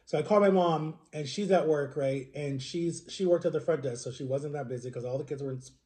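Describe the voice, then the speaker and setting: This thirtysomething male vlogger recounts his personal story on camera in an earnest, meandering, emotional way, frequently tossing in "right?". He talks at a brisk clip with a warm, somewhat high voice.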